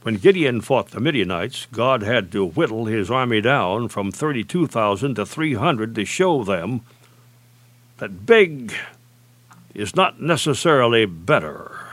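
A man preacher delivering a sermon, talking deliberately and emphatically, and slowing down to quote scripture. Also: medium pitch, sing-song, fairly bright tone, no echo.

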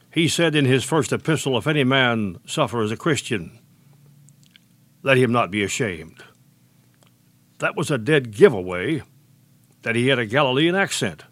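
Man preaching a measured sermon. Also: medium pitch, fairly bright tone, no echo. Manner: measured, deliberate preaching with slowed emphasis on quotations.

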